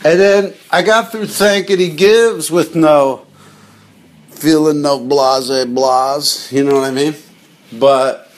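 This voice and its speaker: This podcast host's voice is a little high and expressive, and he takes his time with long pauses. He jokes around over TV clips in a loose, comedic ramble, calling listeners "gang."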